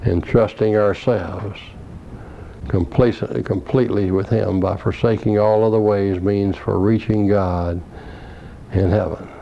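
This preacher speaks in a low, creaky monotone, working through a scholarly sermon with careful, deliberate quotations from commentaries and scripture. The lo-fi recording sounds dull and carries slight background noise.

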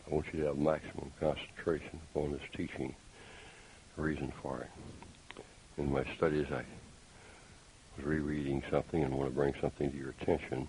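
A man preaching a sermon, deliberate and emphatic, with pointed rhetorical questions. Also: extremely low pitch, flat delivery, darkish tone, low-quality recording. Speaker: pastor. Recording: faint hiss.

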